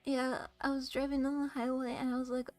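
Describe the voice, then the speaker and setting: A high-pitched young woman streamer speaking into a desk mic. She chats casually to her viewers in a quiet, flat monotone. Faint music plays softly behind her. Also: fairly quick. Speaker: VTuber streamer. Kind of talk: casual livestream chat.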